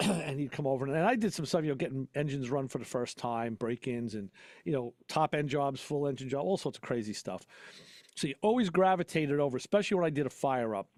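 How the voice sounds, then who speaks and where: A man hosts a laid-back talk show as both podcaster and auto mechanic, rambling through shop stories and laughing a lot. His medium-pitched voice is a little mellow with lively intonation, and he talks a little fast. The recording is studio quality with no echo.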